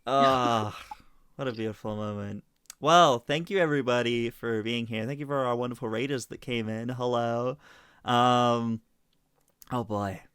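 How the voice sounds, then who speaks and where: A man leads a tabletop game in a bright, forward voice, slipping into soft, hesitant narration full of little fillers. The sound is dry and close to the mic, with no room around it. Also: medium pitch, measured pace, smooth, no room sound. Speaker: game master. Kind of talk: narrating a tabletop game, then casual chat.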